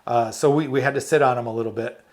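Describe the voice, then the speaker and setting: Animated retired army medic telling war stories. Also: male voice, mid-range voice, quick pace. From United States. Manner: animated storyteller, laughs often, acts out quotes. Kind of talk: storytelling interview.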